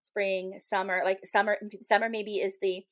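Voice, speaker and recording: A woman in her thirties co-hosts a spiritual podcast and is a medium herself, chatting casually and telling stories full of fillers and laughs. Her medium-pitched voice keeps a level tone at a moderate pace.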